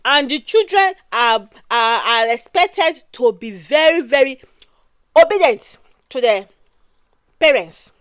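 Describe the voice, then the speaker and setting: A woman's voice: sits high, animated, slow pace, fairly bright tone, dry recording. A woman from Nigeria with a Nigerian accent giving emphatic casual commentary, repeating phrases and ending lines with "oh".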